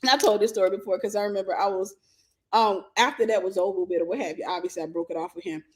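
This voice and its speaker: A woman host telling a personal story and giving dating advice in a lively, casual way, often breaking into laughter. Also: medium pitch, fast talker. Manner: animated, bursts into laughter, vernacular.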